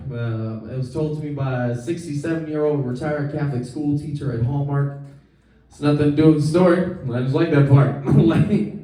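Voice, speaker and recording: A man's voice: a little high, warm tone. Man, stand-up comedian, live club set, profane, laughing, echoey room. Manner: profane, laughs at his own lines. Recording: echoey club from a distant mic.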